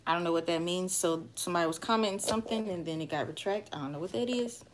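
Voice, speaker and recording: A young woman speaks fast in a low voice over background noise, her Southern accent placing her in the Carolinas. Chatting casually at home as a hair vlogger, she reads viewers' live comments and trails off with filler words.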